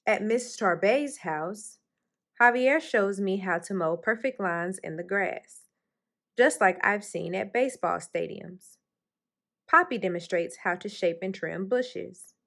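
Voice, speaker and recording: A woman's voice: unhurried, gravelly. Woman reading a picture book aloud. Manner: expressive, lifts her voice high for the characters' lines. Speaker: storytime reader.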